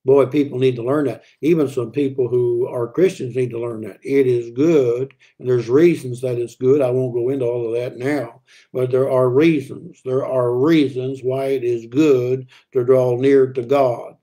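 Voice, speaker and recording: Man, Bible study teacher, mellow warm voice, reads scripture then explains casually, fillers and restarts. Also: mid-range voice, steady tone, normal speed.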